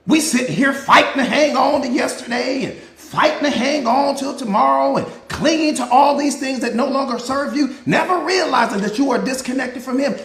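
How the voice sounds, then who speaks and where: A man's voice: very high-pitched, gravelly, roomy sound. A man giving a live motivational talk as a mindset coach, preaching with repeated rhetorical questions and answers.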